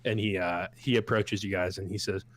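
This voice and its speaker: Low-voiced man narrating a tabletop game. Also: fairly even intonation, a little fast, fairly bright tone. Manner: casual, hesitant narration with fillers. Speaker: game master.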